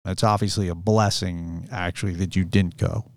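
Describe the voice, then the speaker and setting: Podcast host guy, lowish voice, dry close sound, calm probing questions. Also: normal speed, no echo. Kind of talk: interview questions.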